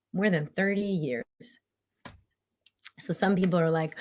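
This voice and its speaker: A middle-aged woman talks in a casual, motivational way as a mind-body coach. Her voice sits a little low, and she often jumps up high to act out inner voices. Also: moderate pace, pauses often. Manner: animated, acts out inner voices in a high pitch.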